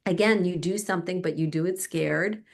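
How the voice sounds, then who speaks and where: Middle-aged woman, interview guest, animated storyteller, acts out the voices of others. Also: fairly low pitch, normal speed. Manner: animated, acts out the people in her stories. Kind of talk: personal storytelling in a casual interview.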